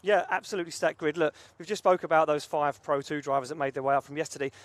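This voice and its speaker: A middle-aged man commentating live at a motorsport event, out of breath, with brisk, upbeat presenter patter. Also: a little high, steady tone, no echo.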